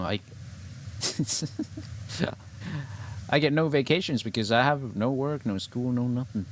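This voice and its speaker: A male streamer with a fairly low voice chats in a loose, rambling way while he plays. He swears casually and laughs easily between thoughts. A faint background hiss sits under his desk-mic sound. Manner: laid-back, rambling, swears, laughs often. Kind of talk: casual chat while gaming.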